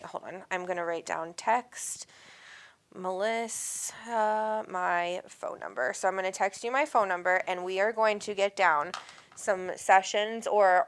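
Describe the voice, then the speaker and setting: Smooth-voiced woman psychic host, rambling and tender. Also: mid-range voice. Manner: affectionate, rambling, calls people sweet names. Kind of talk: live call-in spiritual reading.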